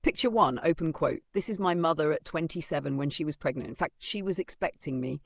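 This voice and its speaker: Methodical language teacher with a slightly gravelly voice, recorded dry. Defines terms and reads quote marks aloud. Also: medium pitch, brisk, dry recording. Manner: reads out punctuation like open quote and close quote; methodical, defines words and gives example phrases. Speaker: English teacher. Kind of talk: vocabulary and grammar lesson.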